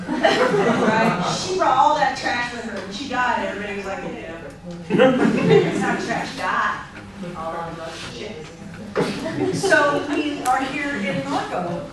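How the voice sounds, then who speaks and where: A woman lecturing to a class, telling funny anecdotes with lively delivery and frequent laughter. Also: high voice, far from the mic. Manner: lively, storytelling, laughing often. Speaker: anthropology lecturer. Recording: echoey classroom recorded from afar, noisy.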